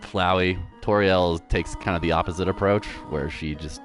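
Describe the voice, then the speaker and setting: A man's voice: deep voice, steady tone, moderate pace, soft background music. A man streaming a game and commentating casually, chatty and rambling, laughing easily. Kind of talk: casual let's-play commentary.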